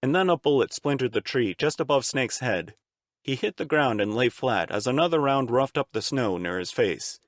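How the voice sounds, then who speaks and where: A man narrating a fan-read audiobook with expressive, dramatic storytelling. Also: mid-range voice, normal speed, dry recording, studio quality.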